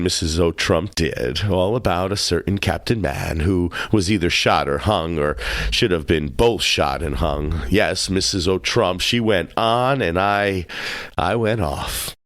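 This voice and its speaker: A man narrating a classic tale in a measured, wry storytelling manner. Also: deep voice, no room sound. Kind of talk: audiobook reading of a classic tale.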